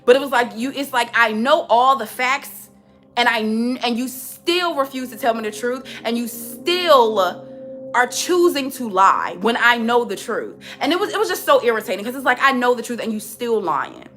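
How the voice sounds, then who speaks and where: A young woman talks through a spiritual reading in a loose, frank manner, stumbling and repeating words when she gets going. Her voice is bright and a little high, with faint music playing underneath. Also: expressive, moderate pace. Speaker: tarot reader. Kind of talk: spiritual reading, casual monologue.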